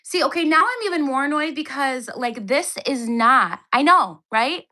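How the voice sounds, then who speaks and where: A woman in her thirties chats through a phone livestream at home with a high, bright voice. She sounds exasperated and keeps up a running sarcastic commentary. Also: lively intonation, normal speed. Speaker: livestream host. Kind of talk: casual livestream unboxing. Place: home, indoors.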